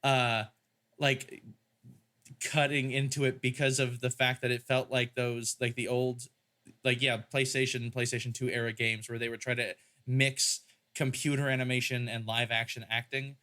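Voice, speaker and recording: Brief: bright, forceful man, rambling comic podcast banter. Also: mid-range voice, level tone, normal speed. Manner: rambling, joking riffs. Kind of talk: casual podcast chat.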